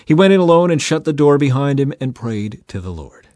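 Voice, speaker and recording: A man narrating a scripture story in a measured, deliberate reading style. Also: medium pitch, sing-song, a little mellow, no echo, studio quality.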